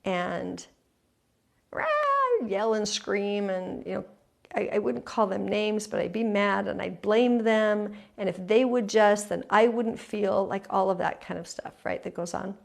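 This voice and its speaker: A middle-aged woman host talking earnestly and confessionally to listeners about her own life, sometimes dropping to a soft hush. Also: medium pitch, fairly even intonation, unhurried, gravelly. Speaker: podcast host. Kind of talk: heartfelt personal talk to listeners.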